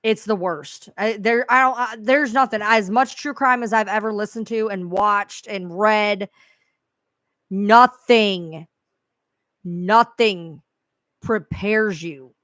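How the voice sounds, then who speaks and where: Blunt woman talking true crime, swears a lot, dry close sound, mid pitch. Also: takes it slowly, a bit bright, no echo. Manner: blunt, profane, emphatic. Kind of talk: casual live chat.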